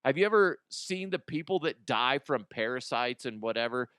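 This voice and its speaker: Casting note: male host, loose profane comedic rant, smooth voice, dry close sound. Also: medium pitch, animated, normal speed, a bit bright, no echo. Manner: profane, rambling, acts out imagined people. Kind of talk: casual comedic news rant.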